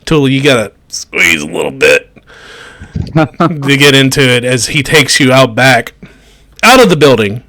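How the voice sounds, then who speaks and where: A man's voice: mid-range voice, very animated, unhurried, long pauses, pushed and bright. A man narrating a tabletop game as game master, chuckling and amused, over a video call.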